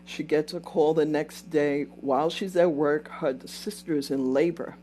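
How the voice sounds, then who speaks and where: A woman's voice: deep voice, fairly even intonation, moderate pace, warm tone, a little hiss or hum. A woman telling a story on a live stream, wandering off to greet viewers and then picking the thread back up. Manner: meandering, breaks off to greet viewers. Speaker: livestream host retelling visions.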